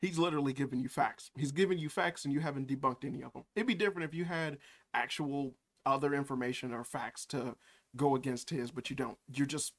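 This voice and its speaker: Guy ranting at a youtube video, loud and mocking, cusses a lot, keeps laughing. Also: mid-range voice, a little fast. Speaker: YouTube commentator. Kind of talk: reaction commentary.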